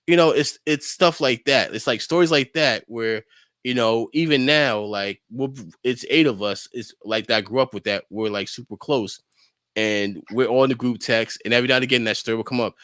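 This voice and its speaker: A man from New York telling stories in casual podcast chat, animated and full of fillers, acting out the voices of people he quotes. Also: mid-range voice, normal speed, clear, resonant tone, no echo, clean studio sound. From New Rochelle, New York.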